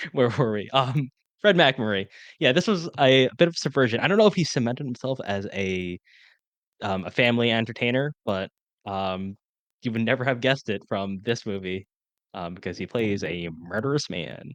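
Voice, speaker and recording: A young man co-hosting a podcast, chatting casually about an old film, talking fast with lots of fillers. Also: medium pitch, animated, no echo. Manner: fast, rambling with many fillers. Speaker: podcast co-host. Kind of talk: casual film-review chat.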